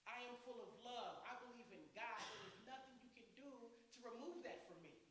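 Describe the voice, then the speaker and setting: A man giving a sermon as a guest speaker in a church, telling stories in an animated way. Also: very high-pitched, a little fast. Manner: animated storytelling preacher. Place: church sanctuary. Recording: very echoey hall with faint hiss.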